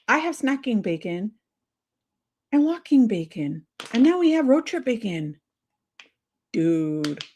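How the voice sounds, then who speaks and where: A woman hosting a casual livestream, chatty and excitable, laughing often as she answers viewer comments. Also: a little high. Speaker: livestream host.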